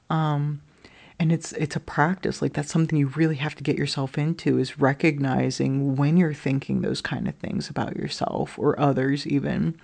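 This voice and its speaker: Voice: mid-range voice, vocal fry, a little mellow. A speaker in their thirties sharing a candid personal story, rambling, with lots of "like" fillers and casual swearing.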